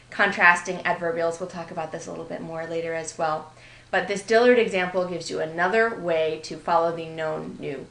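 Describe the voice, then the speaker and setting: A woman's voice: fairly low pitch, fairly bright tone. A woman teaching writing in a recorded grammar lecture, explaining with light amusement and reading example sentences aloud. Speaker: writing instructor. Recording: roomy echo.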